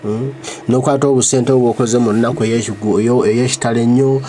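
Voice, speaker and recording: A man hosting the show, from Uganda, giving a measured, lamenting reflective commentary. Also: medium pitch, steady tone, warm tone, a little hiss or hum. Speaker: host.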